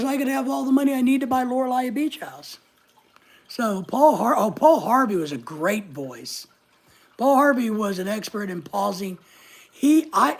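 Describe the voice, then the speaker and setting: A man's voice: high-pitched, vocal fry, slightly rough. A man hosting a casual live stream, rambling in a chatty, joking way and greeting viewers by name as he reads their comments. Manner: rambling, chatty, jokey asides; talks straight to viewers by name. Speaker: livestream host reading viewer comments.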